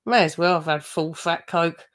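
A woman's voice: on the low side, normal speed, background noise. A woman hosting a reaction commentary channel, talking in a blunt, scornful, chatty way with frequent laughs.

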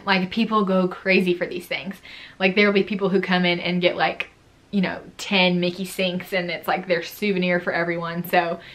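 A woman's voice: medium pitch, a bit bright. A young adult woman vlogger telling a story in a casual, chatty way, full of "like". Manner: chatty, fillers like "like" throughout.

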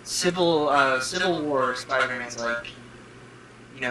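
A man's voice: medium pitch, a little slow. A young man co-hosting a casual movie review, rambling, laughing and quoting scenes. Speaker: co-host. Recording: audible background noise.

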